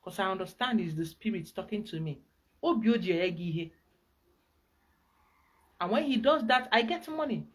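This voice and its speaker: A woman with a Nigerian accent, a spiritual guide giving an emphatic, animated teaching talk. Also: medium pitch, moderate pace, long pauses.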